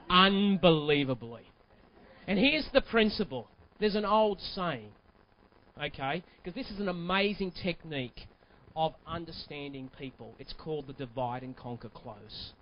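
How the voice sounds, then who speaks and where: A man in his forties giving an animated, emphatic keynote talk, telling a personal story and at times breaking into shouts. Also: fairly high pitch. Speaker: keynote sales speaker. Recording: dull lo-fi recording.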